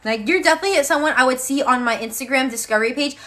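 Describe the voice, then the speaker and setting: Young female tarot reader, casual and chatty, bright voice, a bit weary. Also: sits high, rapid-fire. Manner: casual, chatty, calls viewers babe. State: tired, yawning. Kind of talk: live-stream tarot reading.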